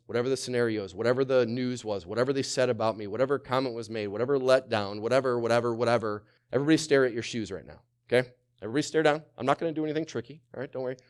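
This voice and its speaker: A man preaching a sermon with lively call-and-response, often asking the congregation to repeat words and answer questions. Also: mid-range voice, clean tone. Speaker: pastor.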